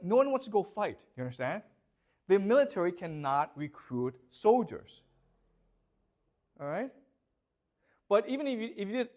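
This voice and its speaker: Animated man lecturing a class. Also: high voice. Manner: constantly checks comprehension with rhetorical questions.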